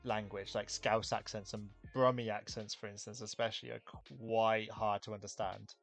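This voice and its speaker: A man's voice: on the low side, level tone, moderate pace, creaky, fairly bright tone, soft background music. A man from England, hosting a casual chat and rambling with lots of fillers. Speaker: podcast host.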